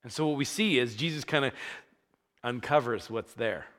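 A man preaching a sermon, telling a Bible story in a conversational, animated way. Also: mid-range voice, normal speed, in a large hall. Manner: animated storytelling, acting out scenes with rising energy. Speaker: pastor.

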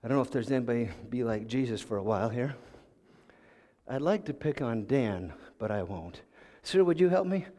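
A man's voice: mid-range voice, animated, fairly quick, mellow. A man telling a story as a sermon, chuckling and often repeating words while searching for them. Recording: long hall reverb.

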